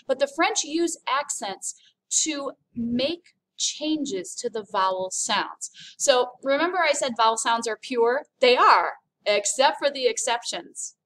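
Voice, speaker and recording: An American woman teaching a recorded French lesson, upbeat and explaining slowly as she demonstrates sounds. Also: sits high, expressive, a bit bright. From United States.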